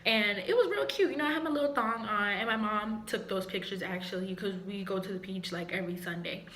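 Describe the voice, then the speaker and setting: Young woman vlogger, mid-pitched, candid and frank, roomy echo, faint background noise. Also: a little fast, a bit bright. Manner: candid, frank, laughs often. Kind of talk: casual storytime. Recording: echoey room with faint ambience.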